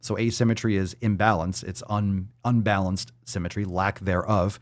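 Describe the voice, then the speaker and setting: Brash, profane fitness show host. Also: male voice, sits low, steady tone, normal speed, no echo, studio quality. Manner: brash, profane, hype-man energy. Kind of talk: live-stream show, reading comments.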